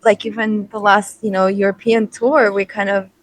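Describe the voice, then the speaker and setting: Woman, interview guest, casual, halting, fillers, dry close recording. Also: medium pitch, level tone, no echo, low-quality recording. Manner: laughing, halting, many fillers. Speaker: band singer, interview guest.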